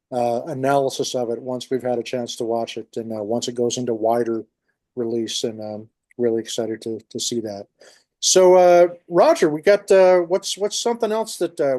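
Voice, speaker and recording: A man with a New York accent co-hosts a podcast in casual chat, his voice mellow and dark at a middling pitch. He tells stories in a rambling way, full of restarts, and the recording is dry and close with no room sound. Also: normal speed, no room sound. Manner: rambling storyteller, many restarts. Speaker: podcast co-host.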